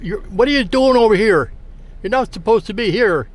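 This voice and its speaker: An upset, stranded woman in a spoken anecdote, insistent and demanding, her voice climbing higher as she gets worked up, as a man quotes her. It stays a light, everyday put-on in the middle of a casual story. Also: big pitch swings, normal speed. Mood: angry.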